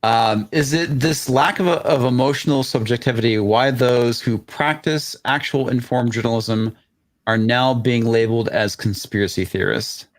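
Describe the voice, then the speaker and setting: A man's voice: mid-range voice, moderate pace, dry recording. A man hosting a casual live stream, reading news articles aloud and rambling between them with stammers and swearing. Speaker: livestream host.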